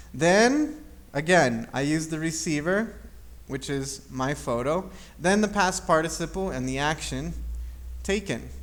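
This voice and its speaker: A man teaching an English grammar lesson, explaining patiently and checking understanding with "okay?". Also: fairly high pitch. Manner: patient, repeats key points, checks with "okay?".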